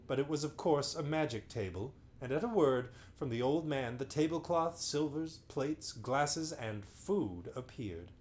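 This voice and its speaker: A man with a mid-pitched voice reads a bedtime story aloud for a livestream. Between passages he drops playful, wry asides in his own easy voice. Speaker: storyteller host.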